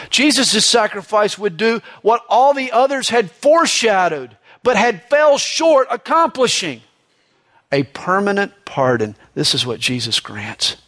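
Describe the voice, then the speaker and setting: A man preaching a sermon with a somewhat high-pitched voice. He talks in an easy, conversational way, often slipping in "you know". He pushes his voice up to stress key points and lets it sink low and slow on solemn moments. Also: fairly bright tone.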